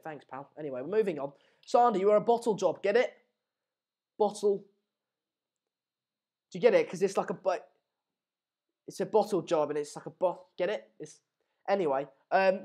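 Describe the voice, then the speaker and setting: Young male streamer, energetic, rambling, jokey match-chat host. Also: high voice. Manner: rambling, jokey, self-mocking. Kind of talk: casual live match chat commentary.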